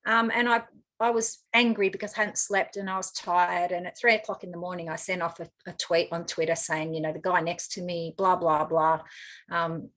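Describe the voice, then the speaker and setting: A woman's voice: lowish voice, level tone, moderate pace, fairly bright tone. A woman with an Australian accent, telling a personal story as an interview guest in a frank, chatty way, full of fillers.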